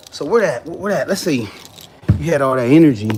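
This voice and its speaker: With a fairly high, slightly mellow voice and a little hum or hiss in the recording, a man from the US chats casually on his livestream. He yawns now and then, a little tired, yet keeps things loose, slangy, and playful while answering viewer comments.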